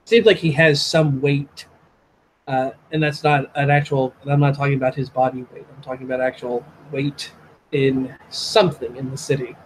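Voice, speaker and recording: A man's voice: medium pitch, level tone, moderate pace, slight background noise, rough recording. A man narrating as game master of a tabletop game, hesitant with many fillers.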